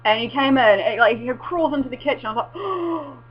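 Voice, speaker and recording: A woman's voice: a little high, fast talker. Rambling, swearing woman on a dull lo-fi recording. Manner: rambling, swears, excitable exclamations. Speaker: vlogger. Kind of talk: casual rambling chat. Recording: dull lo-fi with faint mains hum.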